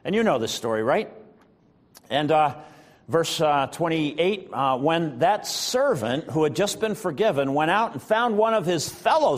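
High, lively-voiced male pastor preaching. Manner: conversational, halting with fillers, retells scripture. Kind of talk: sermon.

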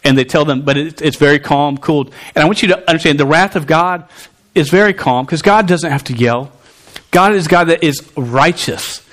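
Animated man preaching a sermon. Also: on the high side, normal speed. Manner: animated, conversational, stumbling restarts.

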